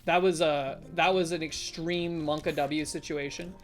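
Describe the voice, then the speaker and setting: A woman's voice: low voice, steady tone, unhurried, faint music behind. A woman streamer giving casual live commentary on a game, chatty and talking to her viewers, with sudden startled exclamations. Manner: chatty, talks to chat, jumpy exclamations.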